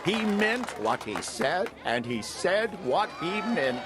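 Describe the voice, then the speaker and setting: A man reading a rhyming children's story aloud in an animated, sing-song way, acting out the characters. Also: sits high, slow, over a noisy crowd, very noisy. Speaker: storybook reader.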